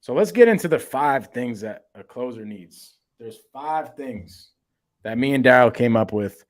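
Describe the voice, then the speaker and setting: A man's voice: mid-range voice, expressive, measured pace. A man co-hosting a sales podcast, talking in a slangy, storytelling way and acting out bits of conversation. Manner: storytelling, slangy, acts out dialogue. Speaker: co-host, sales coach. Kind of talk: casual podcast chat.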